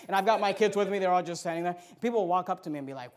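A man in his thirties delivering a fiery sermon in a notably high voice. He preaches hard, leaping from loud outbursts to hushed asides. He keeps calling out scripture references, repeating them so the congregation can follow. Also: rapid-fire, hardly any pauses. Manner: forceful preaching, swings between loud outbursts and quiet asides. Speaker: pastor.

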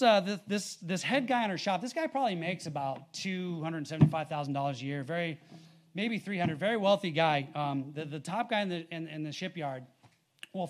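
A man preaching a sermon, reading scripture with emphasis and telling stories in a casual, conversational way. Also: on the high side. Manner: animated, rising loud on scripture readings; conversational with fillers and storytelling.

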